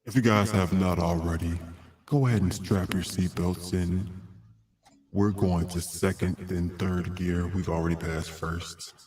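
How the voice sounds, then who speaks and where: A man putting on a deep sultry late-night announcer. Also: fairly even intonation, a little mellow. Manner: slow, smooth, theatrical hype delivery. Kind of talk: mock radio-DJ announcement.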